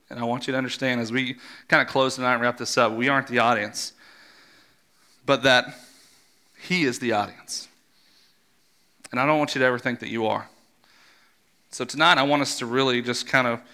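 A man preaching a sermon as pastor, fervent and building to loud exhortation, leading a congregation in a worship hall. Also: medium pitch.

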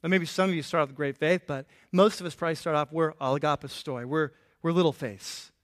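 Man, pastor, sermon, high-pitched, animated, playful. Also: fairly quick. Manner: animated, playful, acts out quotes.

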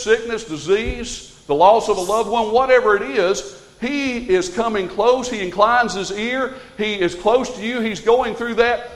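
High-voiced preacher in a reverberant hall. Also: male voice. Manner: earnest, building to fervent exhortation. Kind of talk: sermon. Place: church.

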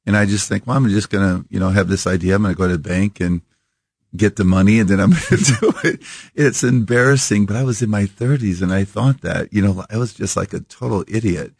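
Low gravelly iowa guy in his 50s, rambly reflective talk, dry studio sound. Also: fairly even intonation, fast, a little mellow, dry recording. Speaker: coffee company founder, guest. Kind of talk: casual interview. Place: radio studio.

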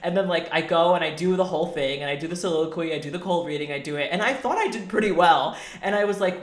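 A young man co-hosting a podcast, telling a story in casual chat with lots of fillers, swearing and animated outbursts. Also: a little high, fast, hardly any pauses, roomy sound. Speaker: podcast co-host.

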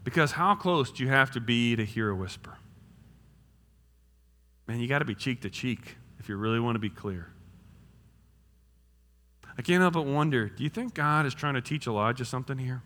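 A man preaching a sermon in a casual, joking way, swinging between loud emphasis and hushed tones. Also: mid-range voice, animated, normal speed, long pauses, in a large hall. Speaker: pastor. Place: church.

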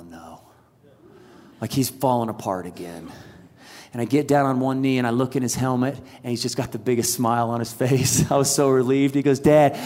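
Man in his thirties, pastor preaching, slightly high-pitched voice, animated storytelling, big hall reverb. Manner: animated storytelling, acts out quotes. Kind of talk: sermon. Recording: large hall with long reverb.

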